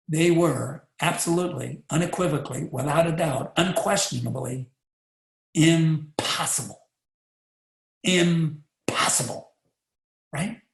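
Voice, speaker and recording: A man giving a motivational talk, animated and rhetorical, often asking the listener questions. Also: fairly high pitch, vocal fry. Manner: animated, rhetorical, acts out little voices. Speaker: motivational speaker. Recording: echoey room.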